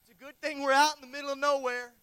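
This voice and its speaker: A male pastor preaching a sermon, telling a personal story and swinging between loud, urgent lines and hushed ones. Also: very high voice, flat delivery, racing, no echo. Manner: personal storytelling with repeated phrases.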